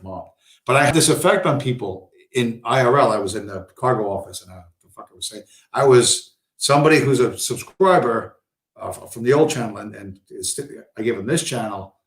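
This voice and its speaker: A livestream host with a lowish voice rambles through a profane, meandering story on a casual stream, speaking briskly and with animation. He often mimics the people he quotes, and the room sounds echoey.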